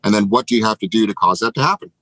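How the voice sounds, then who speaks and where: A man giving an energetic motivational pep talk to real estate agents, emphatic and casually profane. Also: lowish voice, rapid-fire, dry recording, rough recording. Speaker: real estate team leader.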